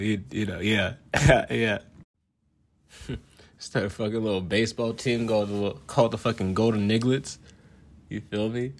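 Swaggering young man, low voice. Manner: profane, swaggering, laughs often, slangy. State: a little high. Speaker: show host. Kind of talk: casual comedic riffing.

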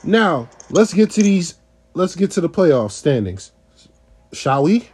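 A man with a fairly high voice co-hosts a casual sports podcast. He works through his points methodically, reading off one item after another. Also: very animated, slow, darkish tone, breathy edge. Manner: methodical, runs through lists step by step. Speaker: podcast co-host.

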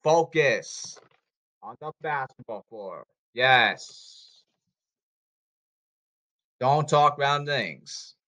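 Man rambling commands, lively pitch. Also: drawn-out words, pauses often. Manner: repetitive, issuing commands and calls. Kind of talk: rambling monologue.

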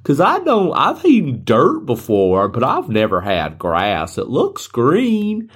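A man putting on the voice of a goofy, dim podcast host, high and strained, giggling between lines. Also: huge pitch swings, breathy edge, exaggerated voice. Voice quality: high, strained, drawn-out delivery.

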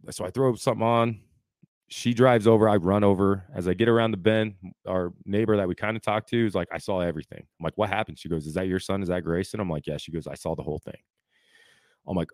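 In a clean, dry studio recording, a man in his thirties with a low voice talks a bit quickly. Co-hosting a podcast, he tells a story in casual conversation, acting out the quotes and saying "dude" constantly.

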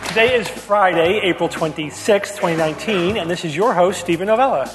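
High-voiced man hosting a live podcast. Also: brisk, over loud music, a loud crowd. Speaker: host. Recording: live hall with audience. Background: audience noise.

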